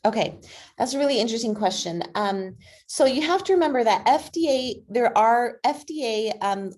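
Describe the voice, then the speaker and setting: A woman speaking as a guest on a video call, persuasive and energetic, with frequent fillers. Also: on the high side, moderate pace. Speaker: guest speaker, advocacy group president. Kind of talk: conversational online talk.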